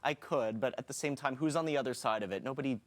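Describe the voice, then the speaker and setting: A man on a studio couch talks calmly and thoughtfully, with the odd stumble. His voice sits at an ordinary middle pitch. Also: rapid-fire. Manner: relaxed, a bit hesitant, thoughtful. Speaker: TV show regular. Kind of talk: casual studio chat.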